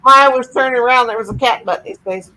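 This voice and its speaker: A woman's voice: a little high, quick pace, sharp tone, a little hiss or hum. A woman chatting on a video call, playful and teasing, laughing often. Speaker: regular on a video call chat. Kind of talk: casual chat.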